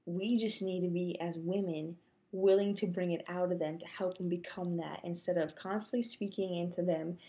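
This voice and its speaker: A young woman casually telling a personal story on a vlog, acting out her own thoughts in whispers and squeaks. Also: steady tone, moderate pace, dark tone, dull audio. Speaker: vlogger.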